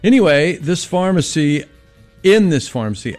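A man's voice: medium pitch, expressive, moderate pace, darkish tone, faint music behind. A man, a regular guest on a radio show, chatting in a meandering way and often trailing off mid-thought. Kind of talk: casual radio banter. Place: radio studio.

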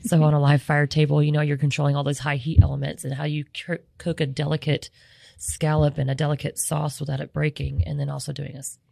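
A podcast guest, a competition cook, telling a lively, rambling anecdote in casual chat. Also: mid-range voice, fast talker, gravelly, dry recording, clean studio sound. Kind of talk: casual storytelling. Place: podcast studio room.

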